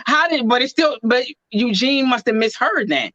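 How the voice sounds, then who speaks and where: A woman co-hosting a casual reality TV recap chat, talking in emphatic quick bursts. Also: on the high side, lively intonation, fairly bright tone, dry recording, dull audio. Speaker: reality TV podcast co-host.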